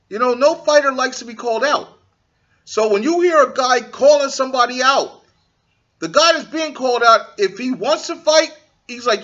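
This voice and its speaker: A man's voice: very high voice, expressive, fairly quick, pushed and bright, muffled recording. A man hosting a boxing talk show, giving blunt, profane opinions in a casual monologue and acting out what fighters say.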